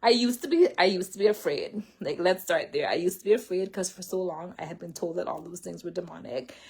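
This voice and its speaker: A woman's voice: fairly low pitch, brisk, vocal fry, darkish tone, breathy edge. A woman seated indoors, talking to a camera in a rambling, casual way, full of filler words and self-corrections as she shares a personal faith story. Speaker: vlogger sharing a faith and healing story. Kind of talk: casual spoken testimony.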